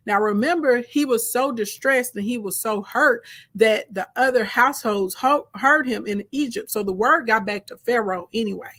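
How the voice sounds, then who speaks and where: A woman's voice: fairly high pitch, moderate pace. Conversational woman retelling a Bible story. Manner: lively, conversational, frequent "okay?" check-ins. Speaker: Bible teacher. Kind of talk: casual Bible storytelling lesson.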